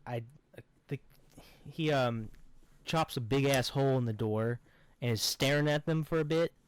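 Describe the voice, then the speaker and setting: A man's voice: medium pitch, normal speed, smooth. A man co-hosting a podcast, casually recapping a film in a rambling, profane, sarcastic way. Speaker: podcast co-host.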